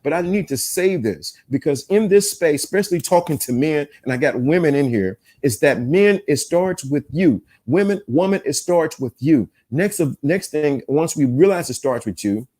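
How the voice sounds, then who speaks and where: A man's voice: fairly high pitch, lively intonation, normal speed, few pauses, warm tone. Preachy man hosting a self-help podcast. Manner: preachy, repetitive, emphatic. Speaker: podcast host. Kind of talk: live-streamed self-help talk.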